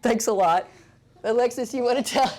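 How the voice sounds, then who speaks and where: A woman's voice: a little high, moderate pace, background noise. A woman pediatric physical therapist explaining an exercise and playfully coaxing a young child. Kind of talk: instructional demonstration.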